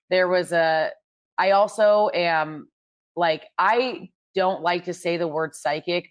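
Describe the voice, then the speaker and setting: Podcast co-host, woman, lower register, dry close sound, animated storyteller. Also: no room sound. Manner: animated storyteller, quick asides, laughs often. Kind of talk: casual chat.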